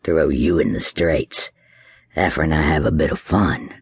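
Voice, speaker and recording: A man's voice: very deep voice, moderate pace, husky, dry recording, studio quality, voice pushed down, exaggerated voice. A man voicing a vicious drunken brute who speaks in a coarse, snarling, threatening way. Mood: menacing.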